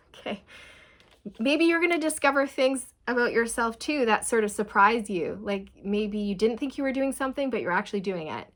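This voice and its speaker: A young woman speaks directly to her audience as she works through a tarot reading. She is casual, chatty and earnest, and her voice sits at a middling pitch. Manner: chatty, earnest, addresses viewers as "you guys". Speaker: tarot reader.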